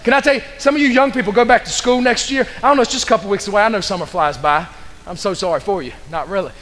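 A man's voice: high voice, very fast, fairly bright tone, in a large hall, slight background noise. A man preaching a fervent sermon as pastor, pressing the congregation with repeated questions. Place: church sanctuary.

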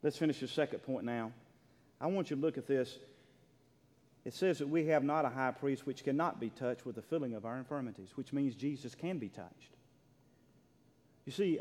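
A pastor preaching a sermon in a church, emphatic, swinging between loud declarations and hushed, near-whispered lines. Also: male voice, fairly high pitch. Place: church sanctuary. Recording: long reverb of a large hall.

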